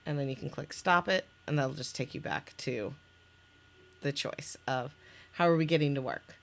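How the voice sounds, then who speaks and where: A game maker shows off an interactive story game she built, reading its scenes aloud in a casual chat and pausing to restart and laugh. Her voice is a rumbling low, creaky one at a normal speed.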